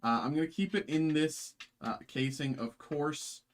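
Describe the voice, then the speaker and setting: A man's voice: a little high, measured pace, slight background noise. A man hosting a live card-opening stream, chatting casually with lots of fillers, restarts and self-deprecating jokes. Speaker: card break host.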